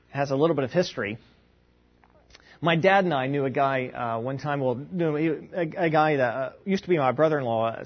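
A middle-aged man preaches a sermon with a husky, slightly raised voice, teaching earnestly and reading scripture aloud. He keeps asking his listeners rhetorical questions. The recording sounds dull and lo-fi. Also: a little high.

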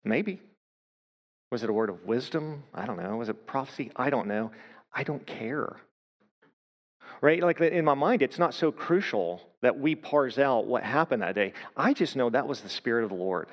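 A man preaching in a big reverberant hall, his voice pitched in the middle range. He tells his story in a loose, conversational way, often stumbling and restarting his sentences. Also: lively intonation, moderate pace. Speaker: pastor. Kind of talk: sermon.

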